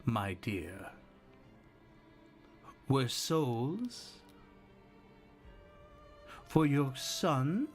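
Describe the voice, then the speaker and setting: A man voicing a pale, aristocratic male vampire lord who speaks slowly and softly, with quiet menace. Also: medium pitch, huge pitch swings, soft background music, full character voice. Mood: coldly menacing. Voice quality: slow, soft, whispery menace.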